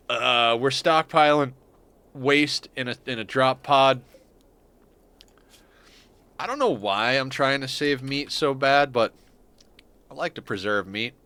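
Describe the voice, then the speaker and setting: A man's voice: mid-range voice, bright, forceful tone, clean tone. A man streaming a game, chatting casually in a rambling, profane way and laughing often. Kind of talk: casual gaming stream chat.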